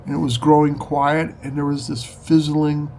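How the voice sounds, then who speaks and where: Earnest man recounting, slightly high voice. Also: little pitch movement, gravelly, mellow, slight background noise. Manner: earnest, halting, emotional storytelling with restarts. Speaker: storyteller recounting a spiritual experience. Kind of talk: personal testimony.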